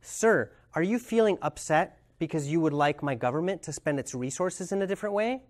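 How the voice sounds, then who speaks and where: A man voicing a calm, gentle teacher. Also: fairly high pitch, brisk, lightly acted. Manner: soft, gentle questioning. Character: calm, patient male peace teacher.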